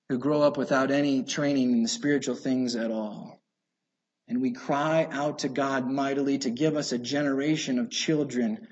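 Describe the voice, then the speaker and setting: A man with a notably high voice preaches with fervent urgency, stacking phrase upon phrase as he drives each point home. The sound is dull and lo-fi, like an old church sermon recording. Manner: impassioned preaching with repeated building phrases. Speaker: pastor.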